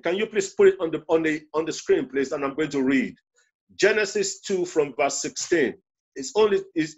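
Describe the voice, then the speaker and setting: A male pastor preaching a sermon in a church, emphatic and stretching key words for weight. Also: fairly high pitch. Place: church with a projection screen.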